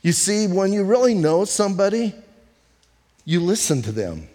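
Pastor preaching in a reverberant hall. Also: male voice, high voice, sing-song, mellow. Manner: conversational preaching with storytelling and rhetorical questions; emphatic, slows down on key phrases. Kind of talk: sermon. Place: church sanctuary.

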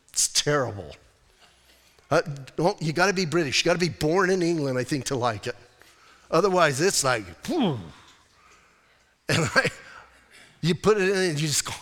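High-voiced pastor preaching in a reverberant hall. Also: male voice. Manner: animated, conversational preaching with rhetorical questions. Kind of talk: sermon.

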